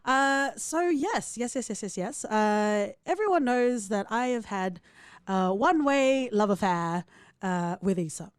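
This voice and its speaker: A woman co-hosting a podcast in casual chat, joking in a playful, crude and animated way. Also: mid-range voice, measured pace, smooth, dry recording, studio quality. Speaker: podcast co-host.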